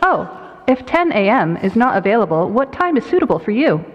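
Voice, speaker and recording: A woman's voice: fairly high pitch, normal speed, in a large hall, dull audio. A woman playing an unflappable polite AI caller. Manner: calm, courteous, unflappable. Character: polite female AI phone assistant. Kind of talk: comedy sketch phone call.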